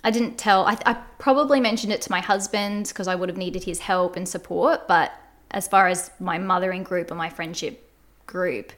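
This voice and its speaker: A woman's voice: fairly low pitch, steady tone, normal speed, fairly bright tone. A woman guest on a podcast, telling a personal story in an earnest, reflective way. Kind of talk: candid conversational storytelling.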